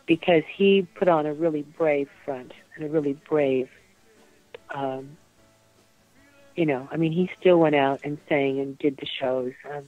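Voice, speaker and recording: A woman recalling personal memories in a soft, halting way, with many pauses, as an interview guest. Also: low-pitched, no room sound, phone-quality sound. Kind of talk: emotional personal recollection.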